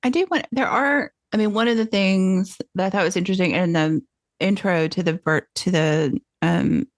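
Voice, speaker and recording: A woman hosting a podcast in a relaxed, tentative way, with a lot of filler words. Her voice sits a little low for a woman. The sound is dry and close to the mic. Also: normal speed, no room sound. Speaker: podcast host. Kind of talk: casual podcast discussion.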